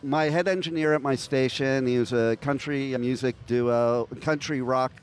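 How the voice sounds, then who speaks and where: A man's voice: medium pitch, fairly even intonation, moderate pace. A man interviewing a musician at a music festival, telling stories in a chatty, playful way. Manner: chatty storyteller, laughs at own jokes. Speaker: radio interviewer.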